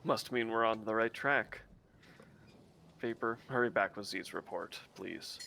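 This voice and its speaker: A man voicing a calm, commanding male ship captain with a measured, formal way of talking. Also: fairly low pitch, vocal fry, slight background noise, heavily acted.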